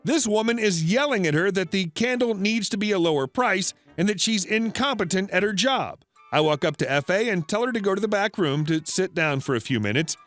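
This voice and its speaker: A man narrating online stories aloud, lively and quoting characters. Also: high-pitched, a little fast, few pauses, no room sound, faint music behind. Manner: lively storytelling, quoting voices. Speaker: story narrator.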